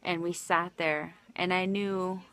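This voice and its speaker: A woman's voice: lowish voice, flat delivery, slow, a bit bright, smooth. A married woman livestreaming, telling a personal story in an emotional, rambling way full of restarts. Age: adult, married.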